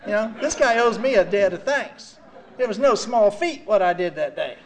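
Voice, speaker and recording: A man in his sixties giving an earnest personal recovery testimony, swinging from quiet heavy passages to loud wry ones. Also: high voice, lively intonation, moderate pace, slight background noise. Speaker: speaker sharing at a recovery meeting.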